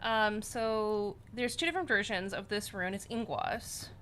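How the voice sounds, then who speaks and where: A woman's voice: medium pitch, measured pace, a bit bright, a little hiss or hum. A woman co-hosting a casual livestream, reading chat comments aloud in a bubbly, rambling way with lots of fillers and giggles.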